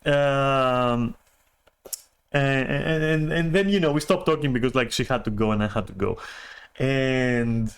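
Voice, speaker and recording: A man's voice: mid-range voice, measured pace, clear, resonant tone. A man telling a story on a stream in a rambling, profane way, full of restarts and chuckles. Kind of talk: casual storytelling rant.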